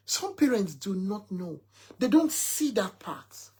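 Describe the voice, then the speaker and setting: Husky woman telling a story. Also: mid-range voice, sing-song, slow, darkish tone. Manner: emphatic storytelling, quoting her son at length. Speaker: mother sharing a story. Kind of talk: casual talk to followers.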